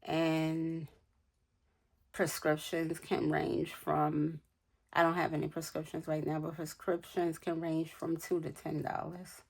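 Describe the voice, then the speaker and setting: A woman's voice: deep voice, flat delivery, slow, creaky. A woman in her forties from New York City, chatting casually and counting money aloud as she tells stories. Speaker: budgeting vlogger. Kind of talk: casual chat while cash stuffing.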